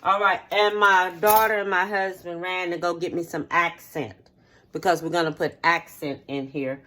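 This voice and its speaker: A fairly low, bright and forceful voice with fairly even intonation carries this casual cooking demonstration at a moderate pace, over a little hiss or hum. The middle-aged woman, a home cook with her own channel, works in her kitchen in a homey way, repeating steps and checking in with "okay?"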